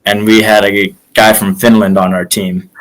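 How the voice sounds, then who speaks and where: A man's voice: lowish voice, moderate pace, low-quality recording. A young man, a former college wrestler, casually telling stories as a guest and acting out the quotes. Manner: animated, acts out quotes in stories. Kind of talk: casual storytelling.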